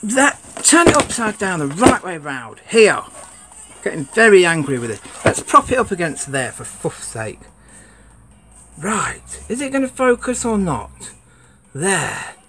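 Rambling man with a lively voice. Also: on the high side, unhurried, slight background noise. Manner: rambling, grumbling and swearing at the camera. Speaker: sneaker vlogger. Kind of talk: casual unboxing chat.

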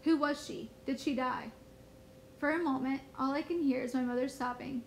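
A woman teacher reading a first-person novel aloud in a steady storybook manner. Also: high-pitched, normal speed, vocal fry, slight background noise, poor audio.

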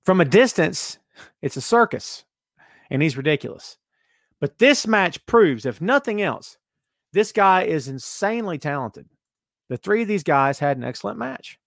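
Guy doing his podcast, sarcastic, swings from loud to mumbling, a bit high-pitched, dead dry mic. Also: moderate pace, gravelly, no echo. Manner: sarcastic, animated, jumps from loud asides to muttering. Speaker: podcast host. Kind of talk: casual wrestling talk, reading listener comments.

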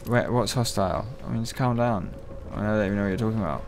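A man giving profane, excitable, joking let's-play commentary. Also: fairly low pitch, quick pace, slight background noise. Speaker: gaming channel host.

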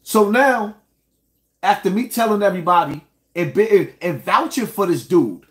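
Guy with a kinda high voice ranting at his viewers, all worked up and emphatic. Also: expressive, normal speed. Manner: emphatic, indignant, addresses viewers directly. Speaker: commentator. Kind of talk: ranting reaction commentary.

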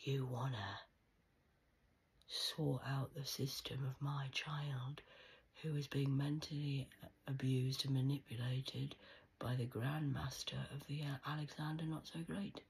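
A woman with an extremely husky, breathy voice talks in a long, rambling vlog. She drops into hushed whispers, then breaks into sudden loud outbursts, swearing freely and sounding conspiratorial. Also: a bass voice, little pitch movement, unhurried, low-quality recording. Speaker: vlogger. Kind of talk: rambling monologue to camera.

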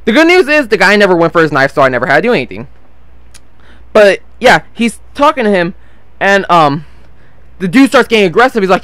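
A nineteen-year-old vlogger rambles through a long story over his gameplay, cursing freely and losing track of names and his train of thought. He speaks briskly in a high, sing-song voice with frequent pauses, a fairly bright tone, and a dry recording.

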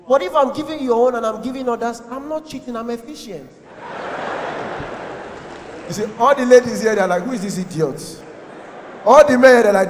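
A young man with a Nigerian accent performing a stand-up comedy set, telling stories animatedly and slipping into pidgin while acting out the people in them. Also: extremely high pitch. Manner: animated storytelling mixing pidgin, acting out voices. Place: large comedy venue with live audience. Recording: echoey hall.

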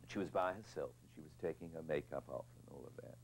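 A man's voice: very deep voice, fast talker, slight background noise, rough recording. An older man, a film director being interviewed, telling reflective anecdotes with hesitant restarts and repeated words.

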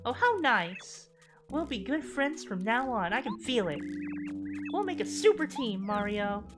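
A woman reading the lines of a spunky, defiant young female bomb creature from a game, lively and at times shouting in outrage. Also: fairly high pitch, unhurried, voice pushed up. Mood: chatty. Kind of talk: reading game dialogue aloud. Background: game music.

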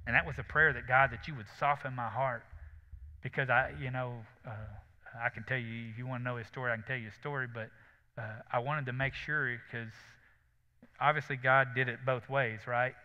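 A man's voice: medium pitch, fairly even intonation, a little fast, sharp tone. A man, preaching a sermon in a folksy, conversational way with asides to the congregation. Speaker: pastor. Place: church sanctuary. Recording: reverberant church hall, dull sound.

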